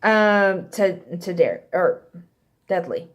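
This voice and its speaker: A woman vlogger recounts a story in a relaxed, unhurried way, her pitch sitting in a middle range. She rambles and corrects herself often. She slips into the voices of the people she is quoting. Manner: rambling, self-correcting, acts out quotes. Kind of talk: casual storytime.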